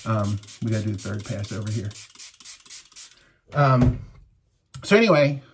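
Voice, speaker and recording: A man's voice: lowish voice, animated, unhurried, slightly rough. A man in his fifties rambling through an anecdote while shaving, chuckling as he reviews shaving gear. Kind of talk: casual vlog storytelling while shaving.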